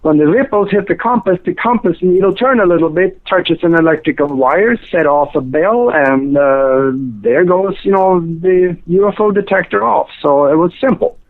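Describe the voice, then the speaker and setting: A man's voice: high voice, moderate pace, few pauses. An older man from Norway, a radio guest talking casually in a rambling, hesitant way full of fillers, heard over a cell phone. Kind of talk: casual interview. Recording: tinny cell phone line.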